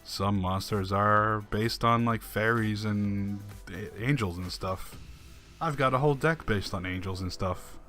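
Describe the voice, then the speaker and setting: A man with a fairly low voice reads forum posts out loud, then answers them with dry, sarcastic remarks. He chuckles now and then between the quotes. Soft background music runs underneath. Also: a little slow. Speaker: online commentator. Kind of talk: reading forum posts aloud with sarcastic commentary.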